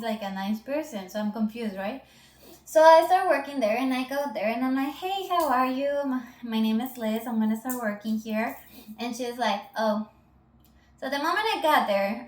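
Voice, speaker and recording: A woman's voice: a little high, echoey room. A woman telling a rambling storytime about a coworker in a casual, chatty way, quoting people as she goes. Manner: chatty, rambling, quotes coworkers in her own voice. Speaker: vlogger.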